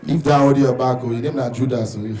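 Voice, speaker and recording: A man working as MC at a live comedy show, teasing the audience and shouting out introductions. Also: medium pitch, a little fast. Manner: lively, teasing crowd work, shouts introductions. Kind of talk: live stand-up MC banter. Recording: live venue with loud crowd.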